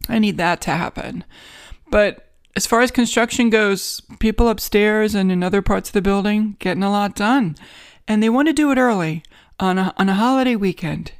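A woman's voice: mid-range voice, normal speed, dry recording, studio quality. A woman with a New York accent hosting a casual solo podcast from a home guest bedroom, sarcastic, rambling and self-mocking. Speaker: podcast host.

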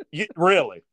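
A man's voice: fairly high pitch, pushed and bright, no echo. Man spinning a rambling yarn. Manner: drawling, rambling storyteller. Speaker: podcast guest. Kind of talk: casual storytelling chat.

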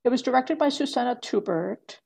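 Gravelly woman rambling through a podcast chat. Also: on the high side, lively intonation, brisk, darkish tone. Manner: rambling with many fillers and restarts, laughing often. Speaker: guest. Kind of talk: casual podcast conversation.

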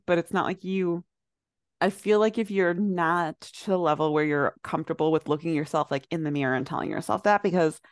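A woman's voice: fairly low pitch, no echo, studio quality. A young adult woman co-hosting a podcast, talking in a rambling, reflective way, full of "like" fillers. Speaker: podcast co-host. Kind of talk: casual chat.

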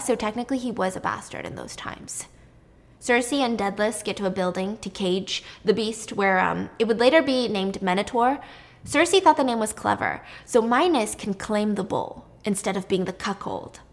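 A woman's voice: medium pitch, vocal fry. A woman retelling a myth in a chatty, irreverent style, swearing freely and adding asides. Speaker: storyteller host. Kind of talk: casual mythology retelling.

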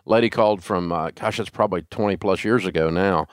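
A man's voice: sits low, fairly quick, dry recording, clean studio sound. An older man, a radio host, telling stories in a folksy, emphatic way during a casual interview. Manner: animated storyteller, folksy, emphatic.

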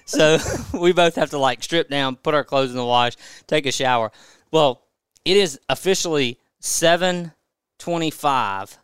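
A man's voice: fairly high pitch, a little slow, fairly bright tone, clear, resonant tone, no echo. A man casually telling a funny hunting story as a podcast guest, laughing as he goes.

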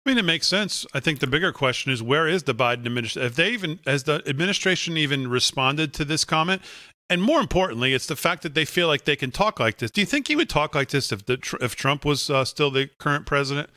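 Male talk host, sarcastic and brisk, highish, sharp-toned voice. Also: lively intonation, no echo, clean studio sound. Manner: brisk and sarcastic, asking rhetorical questions. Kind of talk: casual political commentary.

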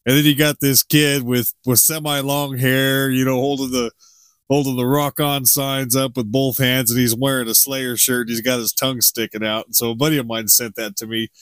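A man's voice: medium pitch, moderate pace, clear, resonant tone, no echo, studio quality. A middle-aged man co-hosting a podcast, chatting casually and rambling with chuckles. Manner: rambling, chuckling, animated impressions. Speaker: podcast co-host. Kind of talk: casual unscripted chat.

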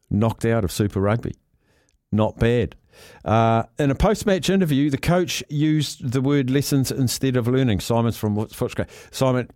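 A jokey New Zealand man hosting sports talk radio, reading listener messages aloud and riffing on them. His voice sits at an ordinary pitch. It is close-miked in a dead-dry studio. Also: a little mellow, no echo. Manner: jokey, upbeat, reads listener texts. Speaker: radio talk show host. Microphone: studio mic.

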